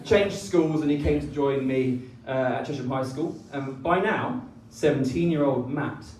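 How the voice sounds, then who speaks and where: A man giving a teasing wedding speech, pausing often with ums. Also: medium pitch, darkish tone, a little hiss or hum. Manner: teasing, with many ums and pauses. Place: wedding reception hall. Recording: echoey room, mic from far off.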